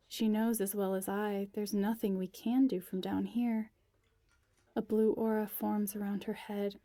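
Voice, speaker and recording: Female story narrator, intimate and hushed, flat delivery, dry close sound. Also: medium pitch, dry recording. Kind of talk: first-person story reading.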